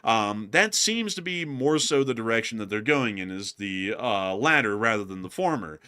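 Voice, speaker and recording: A man's voice: fairly low pitch, normal speed, clean tone. A man hosting a casual war news commentary show, talking through headlines with a co-host. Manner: animated, jokes and laughs with co-host.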